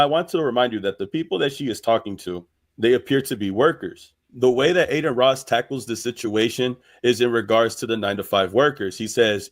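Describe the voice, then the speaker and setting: A man casually recapping a story for viewers, slangy and conversational. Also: mid-range voice. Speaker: commentary host. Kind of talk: casual explanatory commentary.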